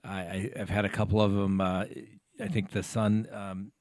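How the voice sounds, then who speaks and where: A man's voice: lowish voice, little pitch movement, moderate pace, a little mellow, dry recording, studio quality. A man hosting an interview as a trial attorney, talking casually with frequent restarts and repeated words.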